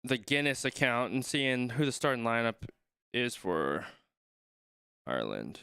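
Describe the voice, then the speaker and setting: Young man, casual live commentary, bright voice, dry close sound. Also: mid-range voice, big pitch swings, measured pace, creaky, smooth, dry recording. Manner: thinks aloud, reads chat, trails off mid-sentence. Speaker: streamer reacting to a rugby match.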